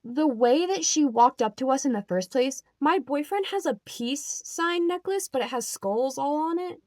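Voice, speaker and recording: A young adult woman telling a story in a casual, animated rant, with lots of "like" and "um" and an exasperated edge. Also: sits high, normal speed, no echo. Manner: animated, filler-heavy, exasperated. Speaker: vlogger.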